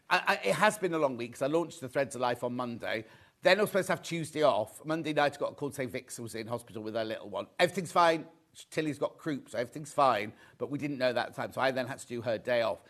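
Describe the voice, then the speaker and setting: A man's voice: mid-range voice, animated, fast talker, fairly bright tone. A middle-aged man from England hosting a live sewing shopping show, chatting upbeat sales patter and reading out viewer messages.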